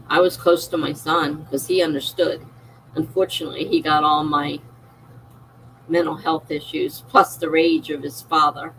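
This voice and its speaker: A woman's voice: deep voice, level tone, unhurried, pauses often, a bit bright, a little hiss or hum, poor audio. A middle-aged woman streaming a personal, emotional monologue, confiding and circling back on herself as she talks. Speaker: live streamer.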